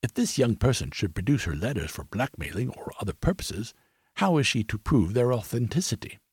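A man's voice: medium pitch, very animated, brisk, darkish tone, slightly rough, dry recording, exaggerated voice. A man voicing a cool, languid detective who speaks in a dry, clipped, murmuring way.

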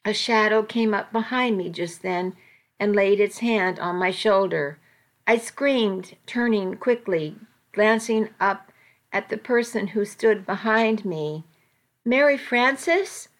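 Slow, measured woman narrator. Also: mid-range voice. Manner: deliberate, gentle, measured reading. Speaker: audiobook narrator. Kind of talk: first-person novel narration.

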